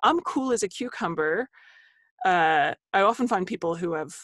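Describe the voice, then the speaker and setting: Earnest woman author, lowish voice. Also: animated, normal speed, a bit bright, dry recording, studio quality. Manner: earnest, explanatory, laughs easily. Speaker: author and guest. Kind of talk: podcast interview.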